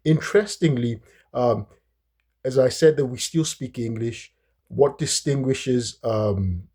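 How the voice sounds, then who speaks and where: Halting man with a dark husky voice. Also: medium pitch. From United States. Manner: halting, many fillers and restarts. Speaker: host. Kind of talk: unscripted explanatory talk.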